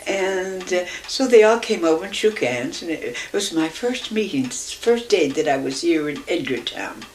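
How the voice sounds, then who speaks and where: An older woman reminiscing in an interview, telling anecdotes in a lively way and acting out the voices of the people in them. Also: fairly low pitch, normal speed, a little hiss or hum. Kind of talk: reminiscing storytelling.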